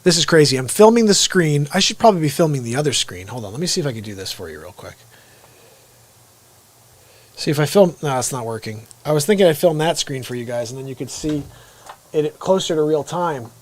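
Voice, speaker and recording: A middle-aged man hosting an unscripted live stream monologue, energetic, with sudden loud outbursts and low, quiet asides. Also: a little fast.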